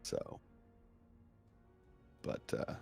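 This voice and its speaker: A man's voice: extremely slow, a little mellow, dry recording, faint music behind. A man co-hosting a podcast, chatting casually and rambling as he loses his train of thought. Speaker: podcast co-host. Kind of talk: casual chat.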